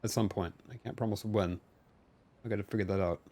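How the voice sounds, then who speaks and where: A man's voice: fairly low pitch, fairly even intonation, a little fast, warm tone. A man streaming a video game, chatting casually in a playful, rambling, jokey way. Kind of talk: casual gameplay commentary.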